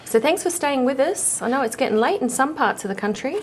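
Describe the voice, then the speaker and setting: A woman's voice: sits high, lively intonation, fairly quick, background noise. A woman co-hosting a live craft stream, chatty and teasing, asking the guest questions. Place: studio.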